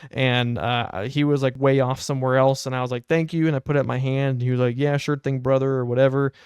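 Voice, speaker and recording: A young man co-hosting a podcast, telling a long story in a casual, exasperated, animated way. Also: medium pitch, quick pace, clear, resonant tone, no room sound. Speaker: podcast co-host.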